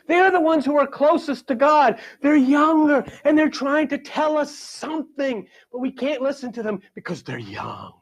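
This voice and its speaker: A man delivering a sermon, emphatic, swinging from loud to hushed and asking his listeners "see?". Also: very high-pitched. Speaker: spiritual teacher.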